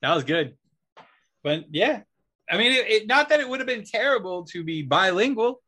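A man's voice: high-pitched, sing-song, normal speed, sharp tone. An American man hosting a podcast, chatting in an easygoing, agreeable way with short replies. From United States. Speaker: podcast host. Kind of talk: casual chat.

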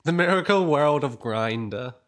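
A man's voice: fairly high pitch, measured pace. Cheeky, sniffly man co-hosting a podcast. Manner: cheeky, crude, deadpan jokes. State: sniffly, getting over a flu. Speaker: podcast co-host. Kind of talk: casual chat.

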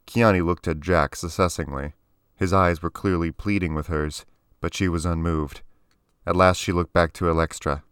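A man with a very deep, low voice narrates a story in a measured, even audiobook style. The sound is dry, close and clean, with no room ambience or echo.

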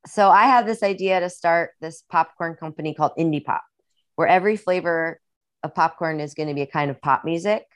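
A woman's voice: lowish voice, brisk, no room sound. A young woman with a Midwestern accent, chatting casually and a little rambling as a guest on a podcast. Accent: Midwestern American. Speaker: musician and guest.

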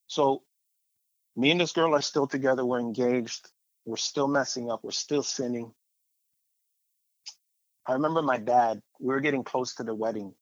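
A man sharing a personal testimony in a lively storytelling way, acting out the voices of the people he quotes. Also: medium pitch, dry recording. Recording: dull, muffled sound.

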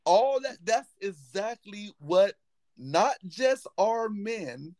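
A man's voice: high-pitched, lively intonation, slow, crowd noise. A man hosting a casual podcast chat, talking emphatically and hammering his points by repeating words. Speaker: podcast host; football coach.

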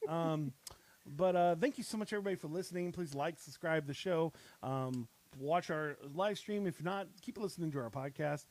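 A man's voice: a little high, moderate pace, a little mellow. A man hosting a podcast, freestyle rapping in a loose, rambling way and joking around with his guests. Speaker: podcast host. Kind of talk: freestyle rap then casual chat.

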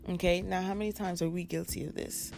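A woman's voice: on the low side, fairly even intonation, quick pace, creaky, a little mellow, soft background music. A woman preaching a sermon with an emphatic, repetitive cadence.

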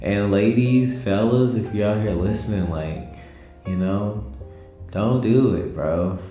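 A man's voice: lowish voice, slow, dark tone. A tired young man rambling in slangy, laid-back casual talk as a podcast host at home late at night. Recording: roomy echo with faint music.

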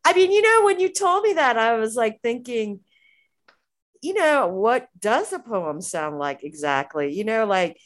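A woman's voice: a little high, lively intonation, unhurried. A woman hosting a casual chat, rambling with many fillers and frequent laughs. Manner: rambling, full of "you know" and "like" fillers, laughing often.

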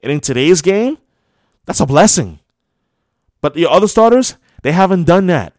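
A man's voice: fairly high pitch, sing-song, moderate pace, a little mellow, no room sound, clean studio sound. A man hosting a sports radio show, giving a heated opinion monologue full of scolding rhetorical questions. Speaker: radio host.

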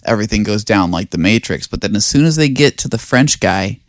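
A man's voice: fairly low pitch, animated, brisk, no room sound. Guy rambling about a movie on a podcast, lots of likes and restarts, dry close sound. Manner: rambling, swears, many fillers and restarts. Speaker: podcast co-host. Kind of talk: casual movie review chat.

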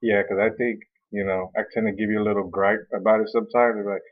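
Lively man, low voice, tinny sound. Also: fast talker. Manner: animated, acts out quoted voices, laughs often. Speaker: podcast co-host. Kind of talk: casual chat. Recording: tinny phone-like audio.

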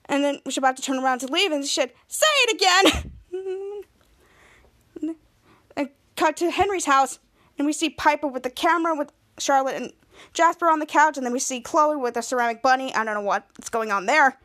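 High-voiced woman animatedly recapping a show. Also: fast. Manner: animated retelling, acting out quoted lines. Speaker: podcast host. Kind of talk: casual episode recap.

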